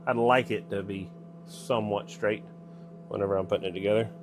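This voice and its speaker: A Southern-accented American man casually narrates his workshop process, speaking briskly in a low-leaning voice with fairly even intonation. Background noise is noticeable.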